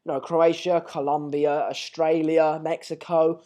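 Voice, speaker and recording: A young man with a slightly raised voice, a little hoarse from shouting earlier. He chats loosely through a live match watch-along, restarting sentences and calling his viewers mate and pal. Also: a little high, level tone, unhurried. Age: late teens. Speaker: live stream host.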